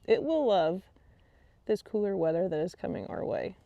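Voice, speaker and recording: A woman's voice: mid-range voice, lively intonation, normal speed, vocal fry, mellow, no room sound, lo-fi sound. A woman hosting a casual gardening vlog outdoors in her garden, chatty and easily distracted, laughing often. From Texas. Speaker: gardening channel host. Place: outdoor garden on a rainy day.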